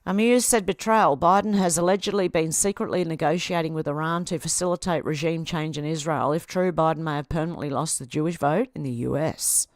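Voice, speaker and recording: A woman's voice: low voice, fairly quick, hardly any pauses, no echo, clean studio sound. Sarcastic Australian woman livestreamer. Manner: sarcastic, talks back at posts. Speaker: livestream host. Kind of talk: casual commentary on social media posts.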